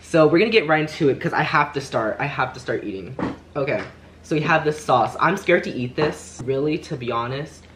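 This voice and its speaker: A young man chatting excitably as he sets up and eats a seafood mukbang. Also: fairly high pitch, brisk, background noise. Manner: excitable, chatty, loud exclamations at spicy food. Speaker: vlogger. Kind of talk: mukbang eating vlog. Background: background music.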